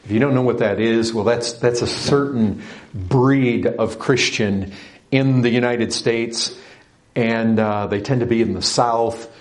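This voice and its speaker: A man preaching a sermon, emphatic, with sudden surges in pitch and loudness. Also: a little slow.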